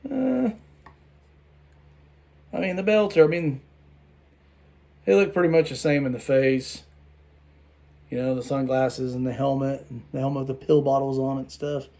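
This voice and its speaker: A man's voice: medium pitch, warm tone. Rambling, tired man reviewing toys. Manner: rambling, halting with restarts. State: tired late at night. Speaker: toy collector vlogger. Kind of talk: casual toy review vlog.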